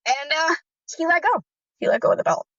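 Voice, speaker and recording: A woman recounting her own story in earnest personal testimony, halting, with frequent fillers and restarts. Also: high-pitched, lively intonation, fairly bright tone, dry recording. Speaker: guest survivor recounting abuse. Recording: muffled, dry recording.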